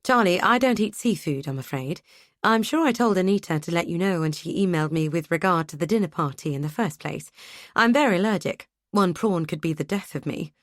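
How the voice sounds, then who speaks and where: A genial boss, polite and jovial, chuckling warmly between words, as a woman reads him aloud. The voice sits fairly low and sounds close and dry, with no room around it. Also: a little fast, no echo, lightly acted. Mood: polite regret.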